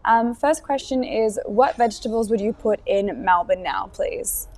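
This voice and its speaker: A woman's voice: medium pitch, moderate pace, a little mellow. A woman hosting a live gardening Q&A, upbeat and friendly, reading out viewer questions with frequent fillers. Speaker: host.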